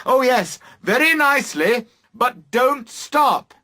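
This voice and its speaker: A man voicing an exasperated young man who shouts insistently from a boat in a storybook reading. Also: very high-pitched, expressive, slow, voice pushed up, full character voice. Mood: shouting insistent.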